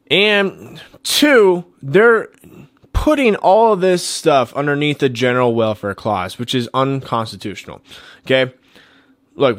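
A man's voice: mid-range voice, a bit bright. A man delivering a fired-up opinion monologue straight to his viewers. He hammers his points home and repeats himself for emphasis. His voice sounds close and dry, with no room echo. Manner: emphatic, repetitive, preachy. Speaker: political commentary host.

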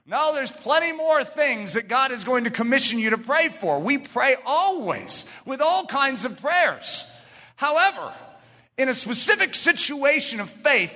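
Impassioned high-voiced male preacher. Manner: impassioned preaching, building to shouts. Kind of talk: sermon. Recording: reverberant hall.

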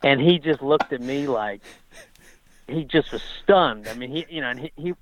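A man telling racing stories in a casual interview, animated and halting, often restarting his sentences. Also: medium pitch. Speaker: racing writer and guest. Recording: dull lo-fi dry recording.

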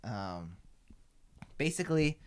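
A man's voice: medium pitch, sing-song, slow pace, smooth. A young man hosting a podcast, telling a story in casual chat, rambling, swearing freely and filling with "like". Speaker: podcast host.

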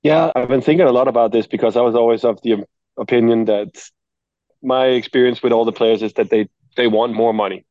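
A man's voice: medium pitch, steady tone, a little fast, no echo, lo-fi sound. A male tennis coach joining a panel and thinking aloud, with many restarts. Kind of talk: casual chat.

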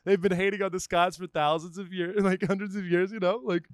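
A man hosts a casual comedy podcast, wandering through his story and laughing between phrases. His voice sits high and sounds smooth and clean. The mic is close and dry. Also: steady tone, fairly quick, no echo. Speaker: podcast host.

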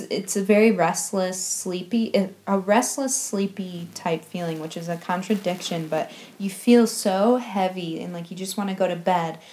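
A woman recounting her experience in a lively, giggly storytelling way, often breaking into laughter. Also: on the low side. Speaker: travel vlogger. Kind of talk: storytelling recap.

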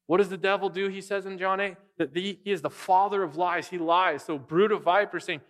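A man's voice: high voice, fairly even intonation, fairly quick, few pauses, a bit bright. A man pastor preaching a sermon, direct and emphatic, often posing rhetorical questions to the congregation.

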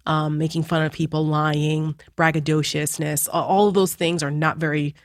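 Guest: an emphatic woman commentator with a lowish voice, recorded dry and close. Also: level tone, normal speed, no echo. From New Jersey, USA. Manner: emphatic, talks in lists and repetitions. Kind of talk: casual interview chat.

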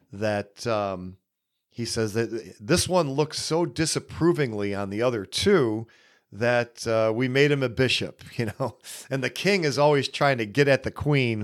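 A man hosting a podcast, giving casual solo film commentary in an unhurried, musing way with many pauses. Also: mid-range voice. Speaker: podcast host.

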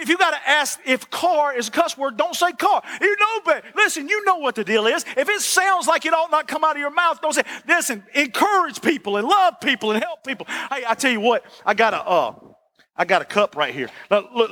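A man preaching a sermon as the pastor, folksy and animated, repeating "listen" and asking for "amen". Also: very high-pitched, fast talker.

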